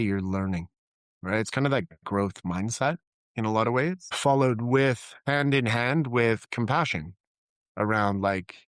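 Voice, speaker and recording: A man's voice: fairly low pitch, fairly bright tone, smooth, dry recording. Reflective middle-aged man, dry close sound. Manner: reflective, acts out quoted dialogue with laughs. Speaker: podcast guest, therapist. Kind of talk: candid conversational storytelling.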